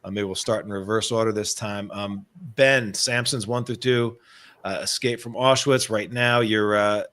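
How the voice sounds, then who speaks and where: A man's voice: on the low side, moderate pace. Man, drawl, livestream host, loose chatty talk, many ums. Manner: relaxed, filler-heavy, friendly wrap-up. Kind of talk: livestream chat.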